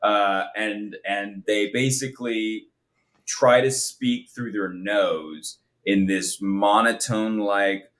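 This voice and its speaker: A man co-hosting a casual film review podcast, talking in animated rants. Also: lowish voice, slow pace. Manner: animated, ranting, mocking impressions. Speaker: podcast co-host.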